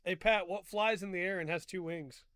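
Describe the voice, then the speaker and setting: A man co-hosting a podcast, trading jokes in casual chat with deadpan, teasing setups. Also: high voice, moderate pace, no echo, clean studio sound. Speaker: podcast co-host.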